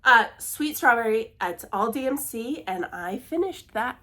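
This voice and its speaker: A woman's voice: a little high, animated, measured pace, sharp tone. A woman chatting casually in a cross-stitch vlog, laughing at herself, apologizing often, and dropping to a near-whisper when she fumbles. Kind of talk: casual chat.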